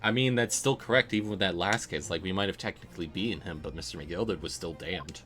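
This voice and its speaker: Low-voiced male streamer, chatty asides. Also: a little fast. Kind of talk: casual commentary while reading a game aloud. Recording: game music playing behind.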